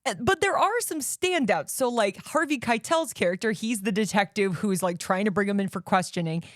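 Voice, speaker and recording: Woman co-host, casual and animated, laughs easily; dry close sound. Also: medium pitch, a little fast, no echo. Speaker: podcast co-host. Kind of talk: casual chat.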